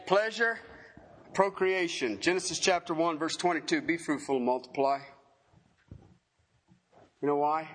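A middle-aged man preaching a sermon as pastor, joking and animated, often laughing at his own lines. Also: a little high, slight background noise.

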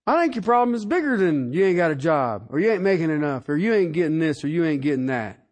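A man preaching as a pastor, folksy and colloquial, firing off rhetorical questions and swinging between loud peaks and hushed asides. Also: fairly high pitch, big pitch swings, quick pace. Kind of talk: sermon.

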